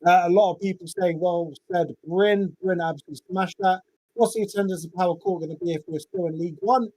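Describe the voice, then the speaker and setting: Chatty high-voiced English man hosting. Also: fairly even intonation, fast, dark tone, no echo, poor audio. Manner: rambling, chatty, self-interrupting. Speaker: podcast host taking fan calls. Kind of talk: live call-in fan podcast chat. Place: home setup, talking over a voice chat. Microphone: home microphone, sounded muffled at first.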